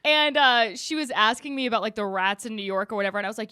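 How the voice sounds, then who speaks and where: A young woman rants to her co-host, profane and quick to laugh. Her voice sits fairly high and bright. The recording is dry and close. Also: smooth, dry recording. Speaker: podcast co-host. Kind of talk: casual chat.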